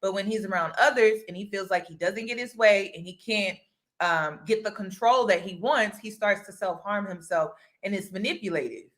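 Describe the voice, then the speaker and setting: A woman's voice: mid-range voice, moderate pace, a bit bright. Woman, commentary host, casual talk, firm explanations, repeats points.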